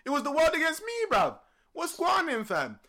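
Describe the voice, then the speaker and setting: A young man with a London accent, casually telling a story on a podcast, animated and laughing often. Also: normal speed. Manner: animated, swings loud and high when excited, laughs often. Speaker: podcast co-host.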